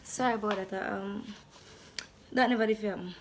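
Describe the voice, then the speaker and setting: A woman's voice: medium pitch, normal speed, a little hiss or hum. A young woman with a Jamaican accent, chatting playfully to camera in a casual vlog and slipping into patois. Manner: playful, animated, slips into patois. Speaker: vlogger.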